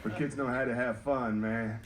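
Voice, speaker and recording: A man's voice: medium pitch, normal speed, a faint crowd. A man from North Carolina doing clean stand-up on a cruise ship stage, teasing the audience and chatting with kids. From North Carolina, USA. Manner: animated, teasing audience banter. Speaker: stand-up comedian.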